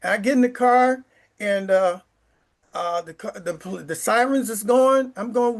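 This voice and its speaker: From his apartment, a former sixth grade teacher in his sixties rambles through stories for the camera in a very high-pitched, unhurried voice. He gets emotional as he talks, stumbling and restarting his sentences.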